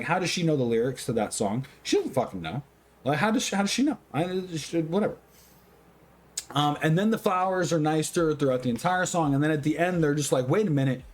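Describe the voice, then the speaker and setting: A tipsy man giving a casual movie review, rambling, swearing constantly and getting excitable. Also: on the high side. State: tipsy, drinking.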